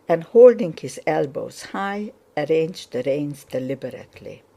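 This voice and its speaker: A woman narrating a classic novel in a measured, even reading. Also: low-pitched. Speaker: audiobook narrator.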